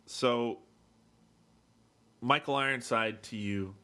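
Bright-voiced man in loose movie chat. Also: medium pitch, slow. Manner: swears freely, loose and rambling. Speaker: podcast co-host.

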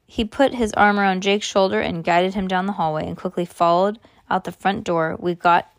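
A woman's voice: medium pitch, fairly even intonation, moderate pace, no room sound, studio quality. A woman reading a novel aloud, now and then stopping to explain in her own words. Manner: plain reading with spoken asides. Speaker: reader.

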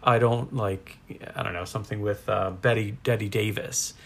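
A man's voice: fairly low pitch, fairly even intonation, moderate pace, creaky, fairly bright tone. A man co-hosting a casual podcast chat, rambling through his thoughts with frequent restarts. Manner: rambling, laughs often, restarts. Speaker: podcast co-host.

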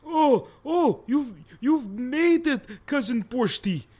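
A man doing a stammering eager foreigner, high voice. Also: animated, slow, a little mellow, full character voice. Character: nervous eager male show guest from abroad.

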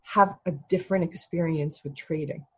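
A coach speaking calmly and reflectively, guiding the other person with gentle prompts. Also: mid-range voice, normal speed, slightly rough, lo-fi sound.

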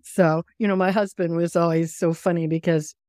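A woman's voice: on the low side, steady tone, moderate pace, darkish tone, no room sound, studio quality. An older woman from the United States, an author chatting as a podcast guest, telling anecdotes and laughing often. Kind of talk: casual conversation.

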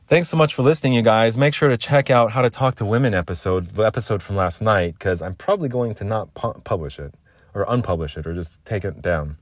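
Man, solo podcast host, emphatic ranting, profane, lowish pitch. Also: brisk, no room sound, studio quality.

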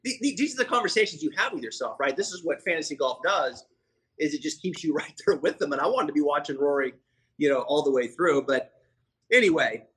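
Male golf podcast host; bright, tense voice with some rasp, relaxed conversational delivery. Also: on the high side, fairly quick, low-quality recording. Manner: conversational, frequent fillers and self-corrections. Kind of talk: casual podcast chat.

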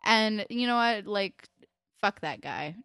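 A woman's voice: mid-range voice, expressive, slow, fairly bright tone, clear, resonant tone, no room sound, clean studio sound. A woman co-hosting a podcast, chatting casually and candidly about a TV episode, sprinkling in "like" and swearing freely. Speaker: podcast co-host. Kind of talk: casual chat recapping a TV episode.

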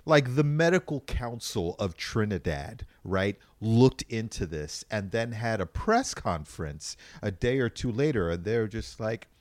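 A man co-hosting a casual podcast chat, telling stories in a rambling, animated way with frequent restarts. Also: lowish voice, a little slow, few pauses, no room sound.

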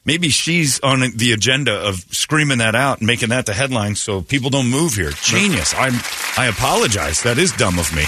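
Lively joking radio host. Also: male voice, mid-range voice, moderate pace, a little hiss or hum. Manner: loose, joking, rambling. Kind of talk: casual morning radio banter.

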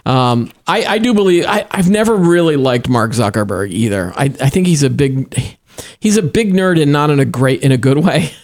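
A man's voice: a little high, expressive, moderate pace. Rambling middle-aged male podcast co-host. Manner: rambling, many restarts and fillers. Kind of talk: casual tech chat.

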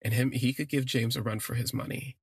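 A man tells a personal story in a gravelly, husky voice, rambling and stopping to correct himself. The recording is close and dry, with no room sound. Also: medium pitch, fairly even intonation, a little fast, no room sound. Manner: rambling, self-correcting, gushing. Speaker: podcast storyteller.

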